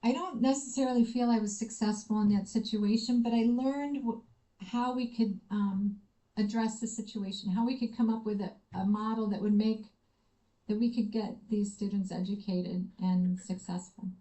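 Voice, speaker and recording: A woman's voice: medium pitch, moderate pace, low-quality recording. An American woman giving a university lecture, telling personal stories and acting out the dialogue. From United States. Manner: lively storytelling, acts out quoted dialogue. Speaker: visiting researcher giving a lecture. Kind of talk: conference talk with personal anecdotes.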